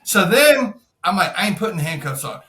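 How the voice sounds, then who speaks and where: This podcast guest, an insurance broker, talks a little fast in a high voice as he relates a wild story in an echoey room. He swears heavily and animatedly voices what others said, keeping it casual.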